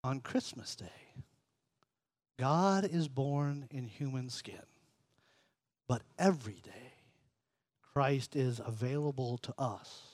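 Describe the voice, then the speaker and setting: A pastor reading a story aloud and preaching a sermon, measured and earnest, slowing and softening for emphasis. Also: male voice, mid-range voice, no echo.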